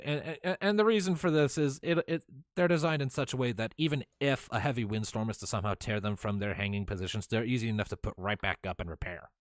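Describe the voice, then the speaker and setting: A man hosting a casual podcast, recapping a tabletop game he ran as game master, animated and often laughing. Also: mid-range voice, no room sound, clean studio sound. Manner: animated storyteller, laughs often, many fillers.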